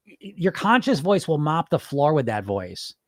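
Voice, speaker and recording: A man's voice: fairly high pitch, very animated, normal speed, dry recording, clean studio sound. A man hosting a podcast as a hypnotist, talking casually and bluntly to his live chat, swearing and firing off rhetorical questions. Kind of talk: casual live-stream talk answering chat comments.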